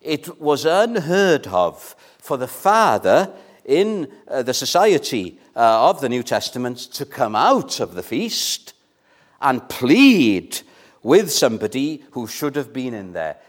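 A man preaching a sermon in a church, earnest and measured, pressing his points with questions to the congregation. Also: medium pitch, big pitch swings.

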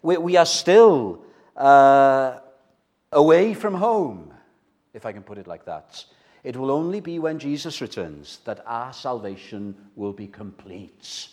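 A man's voice: medium pitch, sing-song, takes it slowly, a little mellow. An older man preaching an evening sermon, stressing points by repeating phrases and putting questions to the congregation. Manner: emphatic, repeats key phrases for weight; direct, asks the congregation questions.

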